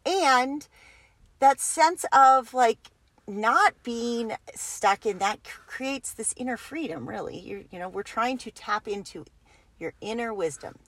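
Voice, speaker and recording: A woman's voice: on the high side, lively intonation, unhurried, fairly bright tone. A woman co-hosting a personal growth talk, chatting casually and rephrasing her thoughts as she goes. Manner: rambling, restarts and rephrases mid-thought. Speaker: co-host of a personal growth group. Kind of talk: casual podcast chat.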